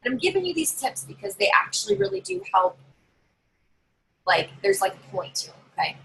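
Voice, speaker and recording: A woman's voice: very high voice, very animated, a little fast, vocal fry, fairly bright tone, a little hiss or hum, poor audio. A woman giving casual how-to tips to camera as a party sales consultant, chatty and bossy, talking from her desk at home. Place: home desk with a drawer and her dog nearby.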